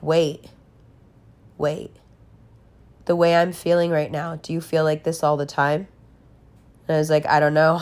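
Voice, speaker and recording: Young adult woman, low-pitched, casual and blunt storytelling, profanity and laughter. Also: a little mellow. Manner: candid, swearing, laughing often.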